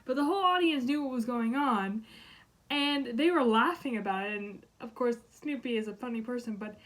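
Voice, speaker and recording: Teen girl vlogger, high-pitched, retells stories animatedly and dramatically. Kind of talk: casual storytelling vlog.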